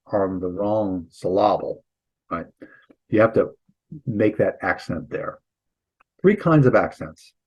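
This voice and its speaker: A man with a husky, lowish voice gives a classroom lecture on Greek grammar. He explains things casually, breaking off to restart sentences and throwing in light asides. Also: rough recording. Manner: relaxed, chatty teaching with restarts and asides. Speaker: Greek instructor and pastor.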